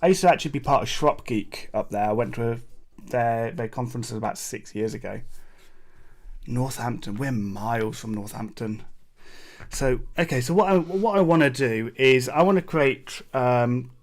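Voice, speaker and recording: A man's voice: medium pitch, moderate pace. Rambling British man live-coding. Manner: thinks aloud, rambling with fillers and asides to chat. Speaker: livestream coding host. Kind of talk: casual live coding commentary. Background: keyboard typing.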